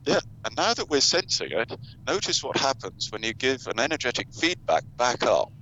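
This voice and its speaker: A man guiding listeners through a meditation, gently coaxing and asking them what they feel. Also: mid-range voice, sing-song, normal speed. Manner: gentle, coaxing, asks questions. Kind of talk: guided meditation talk. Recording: dull, lo-fi sound with faint noise.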